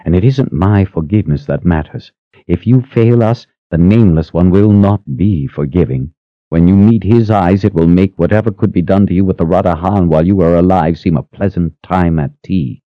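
A man voicing a stern, ruthless older woman who threatens in a cold, low voice. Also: moderate pace, dry recording, lightly acted. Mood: menacing. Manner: cold, menacing, low hiss. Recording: slightly muffled dry recording.

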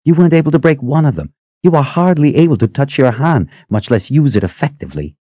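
A stern, protective young sorceress speaks in hushed, urgent whispers, as a male narrator puts her on. The voice sits well above his natural low register and swings with feeling. The recording is dry and a little muffled. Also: big pitch swings, a little fast, slightly rough, dry recording. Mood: harsh scolding. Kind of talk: audiobook character voice.

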